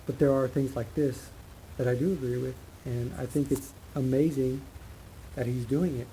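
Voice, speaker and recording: A man's voice: medium pitch, fairly even intonation, moderate pace, dark tone, slight background noise, rough recording. A man giving a casual, impassioned opinion monologue, rambling and emphatic as he makes his points. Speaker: commentary channel host.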